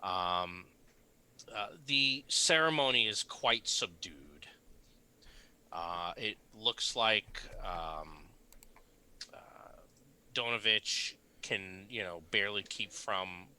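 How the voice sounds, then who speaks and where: A man narrating as game master of a tabletop game, relaxed and rambling with fillers. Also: low-pitched, slow pace, clear, resonant tone, rough recording. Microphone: desk mic on a live stream.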